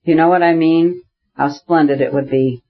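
A man reading the part of an eager, excited young noblewoman in an audiobook. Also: on the high side, moderate pace, dull audio, lightly acted. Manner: eager, gushing.

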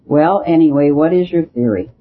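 A man's voice: fairly high pitch, lively intonation, moderate pace, breathy edge. A man voicing the priest's blunt, gloomy friend, who explains things in a matter-of-fact way. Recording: dull lo-fi recording with faint hiss.

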